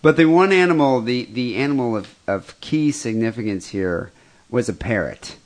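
A man, co-hosting a podcast in casual chat, retelling a grim story with meandering, halting restarts. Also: mid-range voice, lively intonation. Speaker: podcast co-host.

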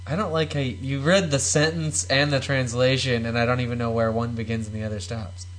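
A man co-hosting a podcast, teasing his partner with crude, quick retorts. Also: mid-range voice, steady tone. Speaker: podcast co-host. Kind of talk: casual podcast banter.

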